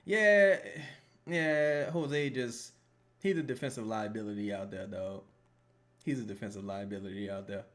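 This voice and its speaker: A man's voice: lowish voice, unhurried. A young man giving casual live reaction commentary while watching a basketball game, joking and swearing as he rambles. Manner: animated, joking, profane and rambling.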